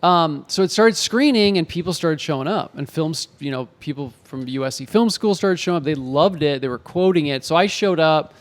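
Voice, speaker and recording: A man in his forties, an actor and author, telling animated anecdotes in a casual interview and acting out the quotes. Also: a little high, moderate pace, hardly any pauses. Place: home in Los Angeles.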